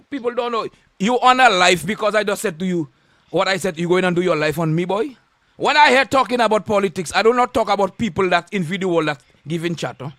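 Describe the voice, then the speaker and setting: Very high-pitched Saint Lucian man ranting. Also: pushed and bright, no echo, studio quality. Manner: confrontational, insulting, repetitive warnings. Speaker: radio host. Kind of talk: on-air rant.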